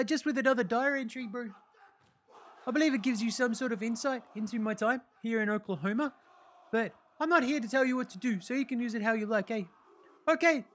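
A man's voice: very high-pitched, a bit bright, pitched above the performer's own voice. A man voicing a laid-back young New Zealand sportsman reading his diary aloud, with a put-on New Zealand accent and a drawl that tacks "eh" and "bro" onto his lines.

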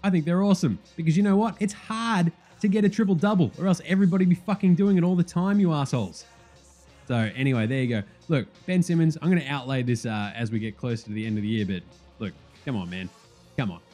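A man hosting a casual sports podcast, rambling fast and swearing freely. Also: on the high side, soft background music. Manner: animated, profane, fast rambling. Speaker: podcast host.

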